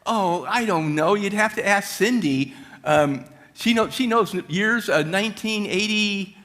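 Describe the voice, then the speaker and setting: A middle-aged man giving a motivational talk at a church, telling stories with high energy. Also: measured pace, a bit bright. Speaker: guest speaker.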